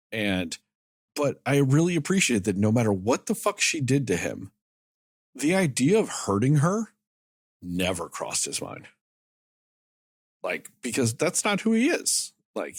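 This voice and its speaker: Male podcast co-host, husky and dry-miked, excitable, salty language. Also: mid-range voice, moderate pace, dry recording. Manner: animated, swears freely, acts out characters' lines. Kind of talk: casual movie review chat.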